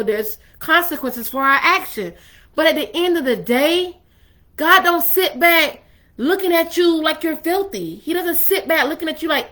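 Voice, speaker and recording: A woman's voice: sits high, pushed and bright. A woman hosting a faith-based talk on love and relationships, speaking in a conversational, emphatic, preacherly way. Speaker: ministry host.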